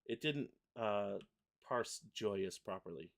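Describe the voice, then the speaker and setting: A man hosting a live software tutorial, thinking aloud and correcting himself as he works. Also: fairly low pitch, expressive, slow. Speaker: software livestream host. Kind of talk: casual live software demo.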